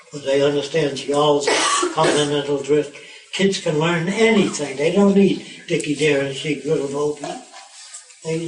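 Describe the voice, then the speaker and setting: A man's voice: on the high side, a little hiss or hum. Rambling man telling a story in a roomy space. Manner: conversational, restarts, retells scenes. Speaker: tour guide and speaker. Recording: roomy, distant mic, faint background.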